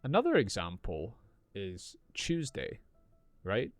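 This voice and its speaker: A man teaching English in an unscripted podcast, explaining slowly and clearly as he improvises. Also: fairly low pitch, huge pitch swings, no room sound, faint music behind.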